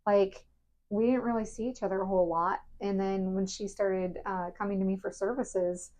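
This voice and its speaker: A woman hosting a casual podcast chat, an animated storyteller who laughs often. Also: medium pitch, moderate pace. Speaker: esthetician podcast host. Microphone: podcast mic.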